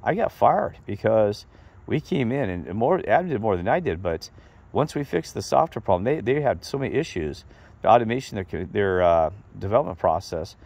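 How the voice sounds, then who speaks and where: A middle-aged man telling a rambling, animated story in a casual monologue to his viewers. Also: fairly low pitch, vocal fry. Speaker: vlogger.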